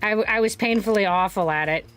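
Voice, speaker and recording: A woman streaming a video game, chatting casually, animated and prone to giggling. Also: mid-range voice, fast, faint music behind. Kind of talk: casual gaming stream chat.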